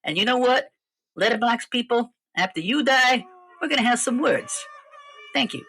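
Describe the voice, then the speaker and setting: A woman's voice: a little high, animated, moderate pace, a bit bright, husky, full character voice. A woman voicing a brash, foul-mouthed dead male film director with a Brooklyn accent in a parody ad skit. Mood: boastful. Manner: boastful, crude, swaggering.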